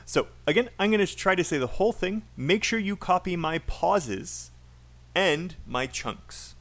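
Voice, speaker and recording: A man with a British accent teaching a livestream English speaking lesson, modelling sentences in chunks with deliberate pauses and repeating words for drills. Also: sits high, lively intonation, a bit bright.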